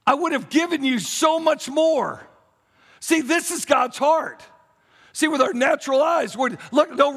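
A man preaching a sermon as pastor of a church, with sudden shouts and phrases half sung. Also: very high-pitched, slightly rough. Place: church sanctuary. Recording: long hall reverb with faint music.

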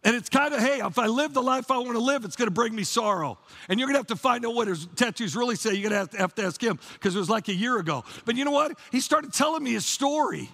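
A man's voice: very high voice, animated, fast, few pauses, pushed and bright, husky. A man preaching a sermon to his church, fervent and casual, repeating "man" and restarting his phrases. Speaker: pastor.

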